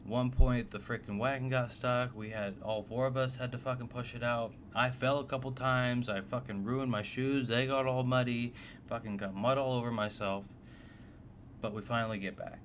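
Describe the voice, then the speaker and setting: A man's voice: mid-range voice, fairly even intonation, normal speed. A man casually narrating a personal story, blunt and swearing often, with a faintly noisy background. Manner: blunt, profane, exasperated.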